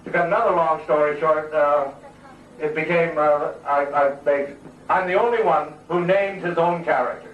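A man's voice: on the high side, steady tone, normal speed, phone-quality sound. An older man, an actor, telling rambling stories to fans with many fillers and chuckles. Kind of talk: anecdotal stage talk. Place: large hall before an audience. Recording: echoey hall, distant mic, audience noise.

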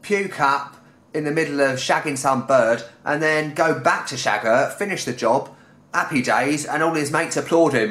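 A man's voice: a little high, normal speed, fairly bright tone. A young man from London ranting in a sarcastic, exasperated and sweary way in a comic travel vlog. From London, England. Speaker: travel vlogger. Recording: echoey room.

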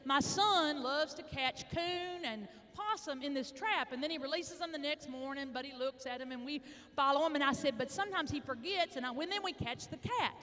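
High-voiced folksy Arkansas woman speaker. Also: pushed and bright. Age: middle-aged. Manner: folksy storytelling, dramatic pauses. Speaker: motivational speaker. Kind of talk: lively motivational speech. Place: large indoor hall, addressing an audience. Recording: echoey large hall.

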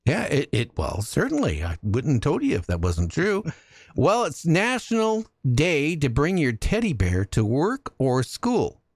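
A man hosting a casual talk radio show, telling jokey stories with lively energy. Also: on the high side, a little slow, no echo, clean studio sound. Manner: animated storytelling, jokey.

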